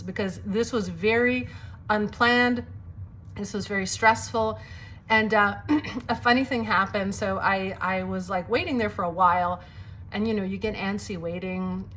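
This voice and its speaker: A woman's voice: mid-range voice, fairly bright tone, a little hiss or hum. A woman who grew up in Greece, telling a personal testimony story and acting out the dialogue as she goes.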